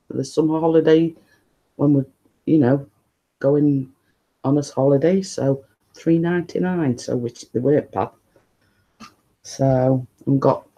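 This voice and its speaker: Soft-spoken man chatting. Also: mid-range voice. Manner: talking quietly, rambling and chatty. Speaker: live-stream host. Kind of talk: casual live-stream chat with viewers. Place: living room at home, indoors.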